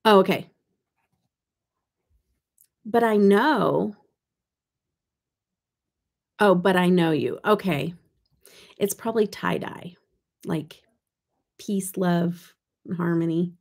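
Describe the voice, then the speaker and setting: A woman's voice: on the low side, takes it slowly, gravelly, pauses often, a little mellow. A middle-aged woman hosting a live stream in giggly casual chat. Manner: giggly, chatty.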